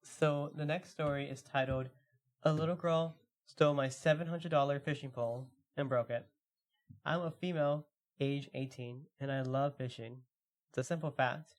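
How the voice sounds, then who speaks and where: A man co-hosting a podcast, chatting casually and reading stories aloud at a slow, relaxed pace with lots of fillers. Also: fairly high pitch. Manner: relaxed, filler-heavy, reads stories slowly. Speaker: podcast co-host.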